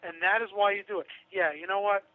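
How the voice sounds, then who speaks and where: A man's voice: sits high, fairly even intonation, fast. A man talking casually on a radio show, chatty and sarcastic, laughing through his own asides. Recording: tinny phone line.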